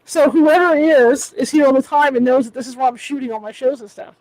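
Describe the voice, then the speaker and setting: A woman's voice: high-pitched, fast, a little mellow, no room sound, low-quality recording. A woman hosting a podcast in casual interview chat, talking in a chatty way with frequent repeats and restarts. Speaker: podcast host.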